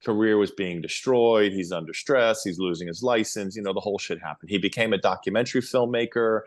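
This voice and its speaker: Low-voiced man telling rambling stories. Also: brisk, no echo, clean studio sound. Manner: rambling, animated storyteller. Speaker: guest. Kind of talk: casual interview storytelling.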